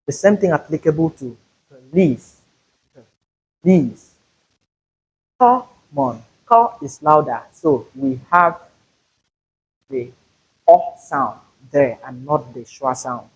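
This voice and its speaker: Slow, husky-voiced male pronunciation teacher. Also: on the high side, low-quality recording. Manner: slow, deliberate, repeats example words with stress. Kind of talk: classroom-style pronunciation lesson.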